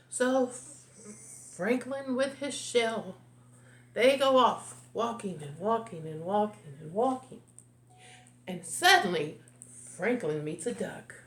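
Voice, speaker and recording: A woman reading a picture book aloud, slow and expressive as a storyteller. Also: on the high side. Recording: echoey room.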